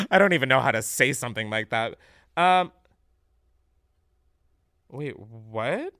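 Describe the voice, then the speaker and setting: A young man hosting a vlog, ranting in a casual, profane and animated way. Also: mid-range voice, takes it slowly, no echo, clean studio sound. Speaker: vlogger host.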